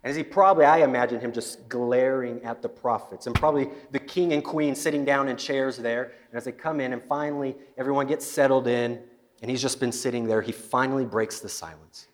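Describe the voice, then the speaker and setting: A man preaching at a middle pitch, his voice carrying a long echo through a large hall. He tells a Bible story with lively storytelling and often repeats words on the way. It sounds like a live church sermon. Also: a little fast. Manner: storytelling, acting out biblical scenes, frequent repeated words. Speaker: pastor.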